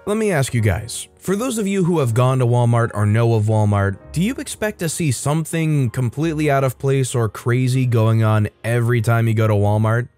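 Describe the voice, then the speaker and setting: A man who hosts a storytime channel, reading reddit stories aloud in a lively scripted narration and briefly acting out the quoted lines. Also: brisk, few pauses. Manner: lively, acts out quoted lines with shifts in pitch. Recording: faint music behind.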